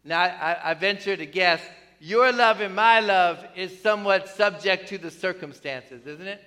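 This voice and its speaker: A man's voice: sits high, normal speed, hardly any pauses, bright, forceful tone. A man preaching a sermon in a conversational way, asking his listeners questions and often adding "right?". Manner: conversational preaching, asks the congregation questions, tags many lines with "right?". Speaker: pastor. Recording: long reverb of a church hall.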